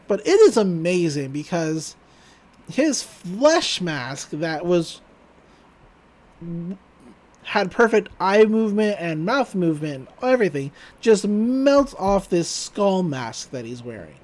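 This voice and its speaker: A podcast host casually recapping a cartoon episode, laughing often and adding wry asides about the plot. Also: mid-range voice. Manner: animated, laughs often, acts out characters' lines.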